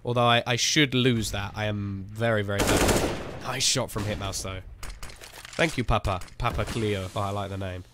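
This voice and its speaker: A man casting a competitive shooter match solo, calling the plays with sudden rises in excitement and chatting with his viewers between rounds. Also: fairly low pitch, moderate pace, noisy background. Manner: excitable play-by-play that slips into chat with viewers. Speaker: esports caster. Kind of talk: live game commentary. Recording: game gunfire and clicks behind the voice.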